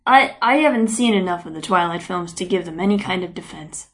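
A woman's voice: lowish voice, lively intonation, fairly quick. Playful, rambling woman podcaster. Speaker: podcast co-host. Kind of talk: casual chat.

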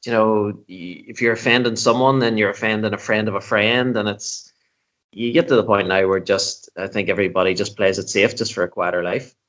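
A comedian with a lowish voice tells animated, swear-heavy anecdotes. He speaks in a relaxed, conversational chat. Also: fairly quick. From Northern Ireland. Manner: animated, profane storytelling. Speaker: comedian guest.

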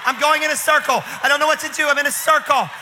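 A preacher putting on a flock of frantic teenage girls, squealing in a pitch far above his usual voice. The voice is bright and strained, the panic spilling out loud and breathless. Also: steady tone, fast talker, a little hiss or hum, heavily acted. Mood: panicked.

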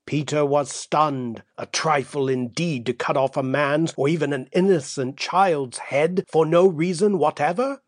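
A man narrating a classic tale for an audiobook, in a measured, dramatic storytelling manner, close to the mic. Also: on the high side, dry recording.

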